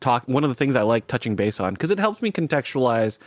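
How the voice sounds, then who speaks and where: A man hosting a podcast, talking in long, running sentences with plenty of "you know". His pitch is average for a man. The recording is dry and close, with no room echo. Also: big pitch swings, fast. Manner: laughs easily, talks in long running sentences with fillers. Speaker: podcast host. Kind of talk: casual chat.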